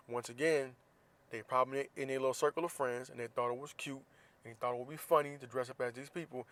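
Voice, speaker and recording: A man's voice: medium pitch, fairly even intonation, quick pace, fairly bright tone. A man from Florida hosting a podcast, ranting bluntly and profanely in a casual opinion monologue. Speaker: podcast host.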